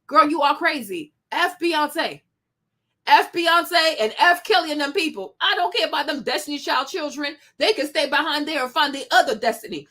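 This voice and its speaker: A woman's voice: sits high, bright, forceful tone. A woman hosting a commentary show, reacting to a clip with sassy, emphatic talk. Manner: sassy, emphatic, preachy asides.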